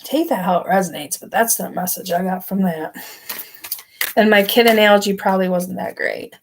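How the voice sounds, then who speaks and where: A woman's voice: mid-range voice, moderate pace, a little hiss or hum. A woman giving a casual tarot reading to camera from her bed, rambling with lots of filler words. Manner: rambling, filler-heavy with frequent "like". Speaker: tarot card reader. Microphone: camera in front of her.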